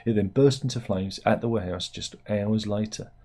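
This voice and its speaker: A British man with a lowish, mellow voice hosts a satirical news commentary at normal speed. He speaks British English and rambles along, dropping jokey asides as he reads out the headlines.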